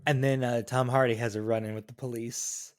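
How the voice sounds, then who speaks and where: A man co-hosting a podcast, chatting casually about a film in a relaxed, slightly halting way. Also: mid-range voice, no room sound, clean studio sound. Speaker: podcast co-host.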